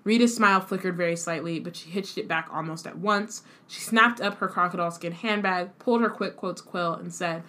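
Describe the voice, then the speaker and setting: A woman's voice: fairly low pitch, fairly quick, few pauses, sharp tone. A woman co-hosting a casual read-along stream, reading passages and commenting on the characters with slang. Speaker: co-host reading a book aloud on stream.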